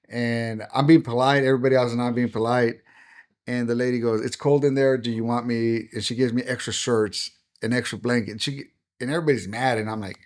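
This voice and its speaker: A man's voice: medium pitch, normal speed. A middle-aged man, a pastor, recounts a personal story in a podcast interview, with a mid-range voice. He slips into the voices of the people he quotes and keeps the story moving. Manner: animated storyteller acting out quoted dialogue. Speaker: pastor and guest.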